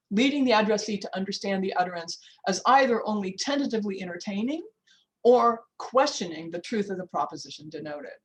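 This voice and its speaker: On a low-quality recording, a medium-pitched older woman from the US lectures on linguistics during a video-call workshop. A professor by trade, she's informal and talkative, restarting sentences often, adding asides, and checking the time aloud.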